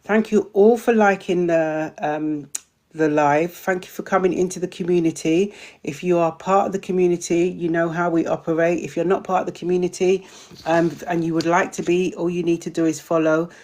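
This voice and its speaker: A woman hosts a live online community session and talks straight to her viewers. Her voice sits slightly low, and her chatty delivery now and then stumbles over longer words. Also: fairly even intonation, normal speed, a little mellow. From Britain. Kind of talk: live-stream chat and viewer Q&A.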